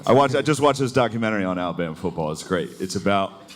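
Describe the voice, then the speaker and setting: A stand-up comedian performs live on stage, talking loosely in a lowish, expressive voice and speaking fast. He laughs at his own jokes and slips into mocking voices while the audience laughs throughout the recording.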